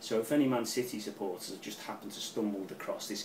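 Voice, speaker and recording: A middle-aged man giving a casual, rambling football match preview, excitable and swearing freely. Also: on the low side, fast, hardly any pauses, distant mic, slight background noise. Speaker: football fan channel pundit. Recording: roomy, off-mic with faint ambience.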